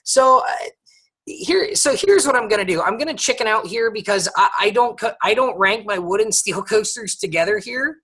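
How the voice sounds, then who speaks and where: Bright-voiced chatty American man. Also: sits high, expressive, normal speed, husky. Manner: chatty, many fillers and restarts. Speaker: podcast co-host. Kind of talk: casual chat.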